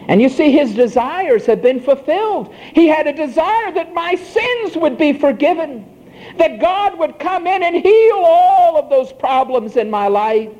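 A man preaching a sermon, emphatic, with a swooping preacher's cadence and slow, drawn-out phrases. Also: very high-pitched, expressive, a little mellow, low-quality recording.

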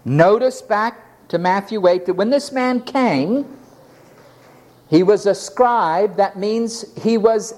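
A man preaching a sermon in an animated, dramatic way, acting out the scenes as he tells them. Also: high-pitched, slow.

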